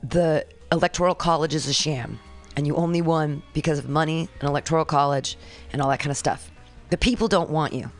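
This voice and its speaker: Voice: medium pitch, fairly quick, faint music behind. A radio host doing a sarcastic, rambling political monologue with jokey asides and reading a document aloud in a studio.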